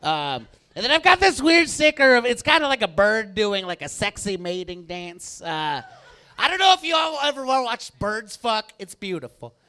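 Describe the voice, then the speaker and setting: A male stand-up comedian works a club crowd through a handheld mic with animated energy, jumping between loud bursts and quiet asides. His voice is very high-pitched and bright, with a forceful edge. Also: normal speed.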